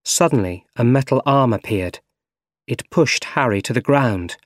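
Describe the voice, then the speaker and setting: A man reading a story aloud for learners, slow, clear and measured. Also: medium pitch, lively intonation, dry recording, clean studio sound. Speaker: narrator.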